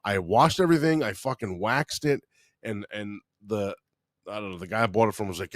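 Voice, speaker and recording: A man, co-hosting a comedy podcast and telling a story in an animated way, swearing freely. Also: lowish voice, brisk, dry recording. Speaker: podcast co-host.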